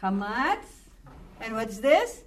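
A woman teaching a grammar class at an unhurried, deliberate pace, patiently sounding out words and coaxing students to repeat after her. She is recorded from across an echoey classroom with faint background ambience. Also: fairly high pitch, sing-song, slight background noise. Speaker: Hebrew teacher. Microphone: recorded from a distance. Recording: echoey room, distant mic, faint ambience.

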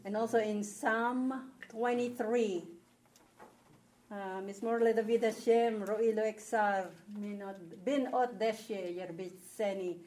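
A woman's voice: medium pitch, fairly even intonation, takes it slowly, a little mellow. A woman teaching a Hebrew reading class, patiently checking that her students follow along. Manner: patient, checks understanding with "okay?". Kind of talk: classroom lesson.

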